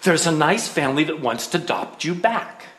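A man's voice: a little high, animated, moderate pace, fairly bright tone, voice pushed up. Man doing a spiteful little big sister. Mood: coaxing. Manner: blunt, matter-of-fact taunting. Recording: roomy echo.

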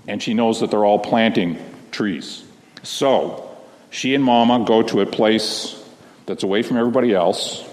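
A man, a minister, tells a children's story to a congregation in a gentle, slow storytelling manner, speaking to the children. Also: lowish voice. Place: large church sanctuary. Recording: long reverb of a big hall.

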